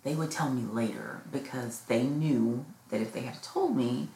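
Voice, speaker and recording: A woman's voice: very deep voice, moderate pace, creaky, dark tone. A middle-aged mother from the United States, hosting a podcast and musing at length about her children growing up, with many fillers along the way. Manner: heartfelt, rambling with many fillers. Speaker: podcast host. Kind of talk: personal reflective monologue. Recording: echoey room with faint noise.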